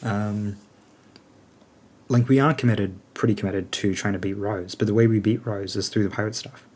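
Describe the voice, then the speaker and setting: In a casual, unscripted chat, a game alliance leader answers questions in a lowish male voice. His talk wanders as he works out his plans out loud, leaning heavily on fillers like "um" and "like."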